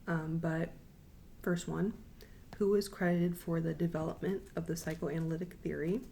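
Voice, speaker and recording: Low-voiced young woman presenting a quiz. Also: steady tone, gravelly, mellow, a little hiss or hum. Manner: measured, repeats questions and options slowly, frequent ums. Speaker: counseling student presenting. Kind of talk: recorded class presentation with quiz questions.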